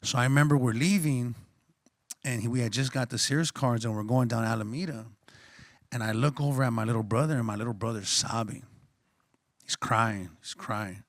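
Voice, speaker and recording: A man's voice: medium pitch, steady tone, normal speed, dry recording, clean studio sound. Earnest man telling his story on a panel. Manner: earnest, reflective, slangy. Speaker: panelist and coffee shop co-owner. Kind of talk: personal storytelling on a conference panel.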